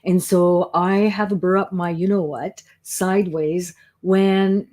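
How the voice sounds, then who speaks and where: A woman from Canada hosting a psychic livestream, chatting warmly and greeting viewers by name with lots of exclamations. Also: on the low side, steady tone, slow.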